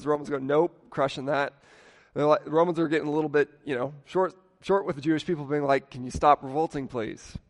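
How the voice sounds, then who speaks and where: Male preacher, slightly higher voice, casual talk, acts out quotes, reverberant hall. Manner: conversational, acts out quoted lines with rising emphasis. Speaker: pastor. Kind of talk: sermon.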